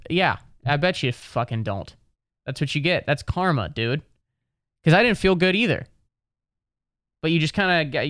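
A man's voice: a little high, clear, resonant tone, no room sound, clean studio sound. A man doing a rambling, exasperated stand-up routine, swearing freely. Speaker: comedian. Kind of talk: stand-up comedy monologue.

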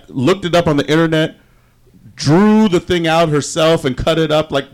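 A man co-hosting a casual group chat, telling a rambling story full of fillers, restarts and mild swearing. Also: fairly high pitch. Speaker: podcast co-host.

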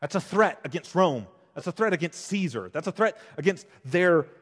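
A man preaching an expository sermon as pastor, shifting between loud emphasis and hushed, intense passages. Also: fairly high pitch, animated, moderate pace, breathy edge. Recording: long hall reverb.

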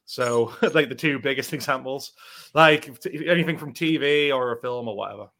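A man co-hosting a casual wrestling chat, talking quickly with frequent laughs and asides. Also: medium pitch, bright, forceful tone. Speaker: podcast co-host.

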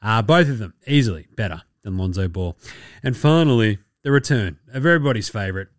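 An Australian man hosting a sports podcast, talking in a profane, joking, excitable way. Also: fairly low pitch, brisk, no echo, studio quality. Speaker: podcast host. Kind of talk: casual sports commentary.

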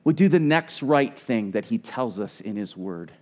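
A man's voice: medium pitch, expressive, normal speed, darkish tone. A middle-aged man preaching a sermon as pastor, earnest and conversational, often restarting his words.

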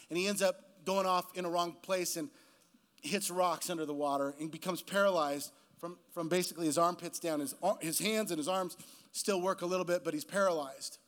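A male guest pastor preaching a sermon, telling a story in a casual way and building to a slow, emphatic close. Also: high voice, a bit bright.

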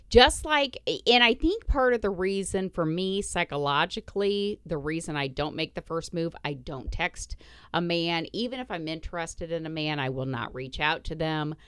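Podcast host: middle-aged woman, low voice that swings widely, blunt and foul-mouthed, laughs a lot, dry close sound. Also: a bit bright, clear, resonant tone, no room sound. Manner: blunt, profane and laughing often. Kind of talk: casual chat.

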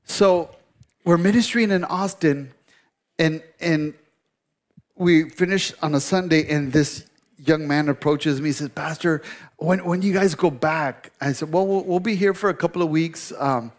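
A man's voice: on the high side, moderate pace. Joking preacher man telling a story. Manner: joking, conversational preaching with asides to the congregation. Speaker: pastor. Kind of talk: sermon with storytelling.

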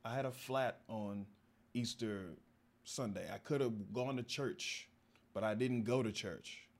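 A man from the American South telling a long comedic story, jumping into high-pitched voices for the people in it. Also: measured pace. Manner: animated, acts out other voices in high pitch. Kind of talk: storytelling stand-up.

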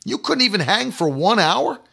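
A man's voice: sits high, very animated, moderate pace, creaky, sharp tone, breathy edge. A man preaching a sermon, emphatic and repetitive, driving points home with rhetorical questions. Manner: emphatic, repetitive call-and-response phrasing.

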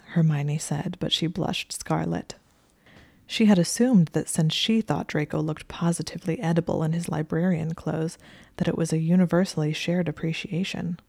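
Low gravelly woman narrating a story. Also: steady tone, moderate pace, no echo. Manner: soft, often dropping to a whisper.

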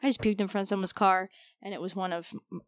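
A woman's voice: mid-range voice, fairly even intonation, fast talker, no echo, studio quality. Bubbly woman podcaster. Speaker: podcast co-host. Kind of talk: casual podcast chat.

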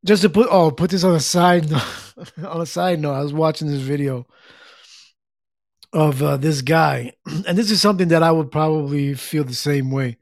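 Brief: middle-aged male streamer, relaxed rambling chat, gravelly, slightly higher voice. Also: moderate pace, no room sound, clean studio sound. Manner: rambling, easygoing, reads chat aloud. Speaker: livestream host. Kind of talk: casual chat with viewers.

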